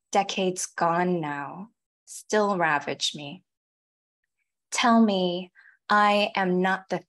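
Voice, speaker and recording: Woman, 40s, poet; deliberate readings, fast halting asides, heard over a video call. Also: on the low side. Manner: measured, deliberate delivery of poems; quick, halting chat between them. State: tearful, voice catching. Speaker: featured poet. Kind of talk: poetry reading with spoken asides.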